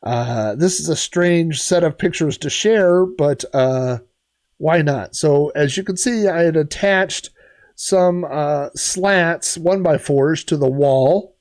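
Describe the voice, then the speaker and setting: A man's voice: a little high, takes it slowly, a little mellow. Rambling middle-aged man telling stories. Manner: rambling, many fillers and restarts. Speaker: retro gaming streamer. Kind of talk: casual storytelling on a stream.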